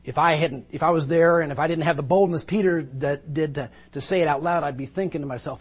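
A man's voice: a little high, steady tone, fast talker, few pauses, husky. A male pastor preaching a sermon, retelling a Bible story vividly and with emphasis, pulling listeners into the scene.

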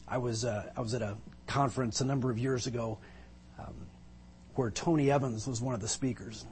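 A man's voice: mid-range voice, steady tone, fairly quick, a little mellow, slight background noise. A male pastor preaching a sermon, retelling a Bible story vividly and with emphasis, pulling listeners into the scene.

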